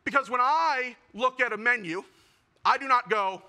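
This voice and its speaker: A young man performing a self-deprecating stand-up comedy set with animated storytelling. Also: extremely high pitch, normal speed, clear, resonant tone. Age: young adult.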